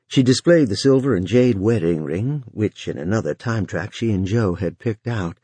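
Husky, low-voiced male narrator. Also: animated, normal speed, warm tone, no room sound. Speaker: audiobook narrator. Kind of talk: scripted narration.

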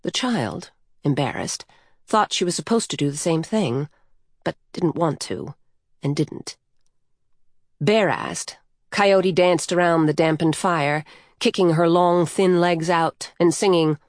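A woman reads a story aloud, slowly and steadily, in a fairly low voice. The recording is close and dry, with no room sound around her. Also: no room sound. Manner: unhurried and measured. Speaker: narrator. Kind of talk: scripted story narration.

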